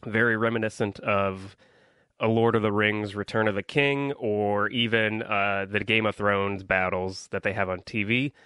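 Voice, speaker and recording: A man's voice: lowish voice, steady tone, normal speed, pushed and bright, clean tone, dry recording. A young man hosting a solo podcast, rambling through a casual movie review with lots of ums and likes while complaining about his audience. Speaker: podcast host.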